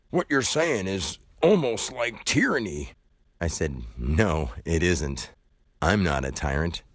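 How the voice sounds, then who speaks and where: Deep-voiced man on an animated rant. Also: no room sound, studio quality. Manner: ranting, argumentative. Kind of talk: recounting a story to camera.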